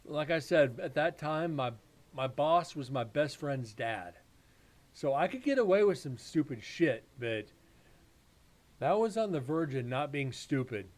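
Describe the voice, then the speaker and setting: A man's voice: on the high side, big pitch swings, measured pace. A man hosting a live paranormal stream, telling rambling, profane stories in casual chat.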